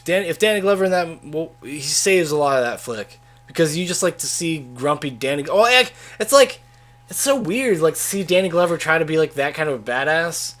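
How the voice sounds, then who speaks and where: Ranty young man in casual movie talk. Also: a little high. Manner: ranty, swearing, quick bursts of loud excitement. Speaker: podcast co-host. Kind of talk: casual movie-discussion chat.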